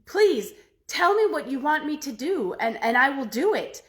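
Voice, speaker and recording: A woman's voice: high-pitched, big pitch swings, moderate pace. A woman voicing an earnest young man who pleads and stammers in a storybook tale. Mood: pleading.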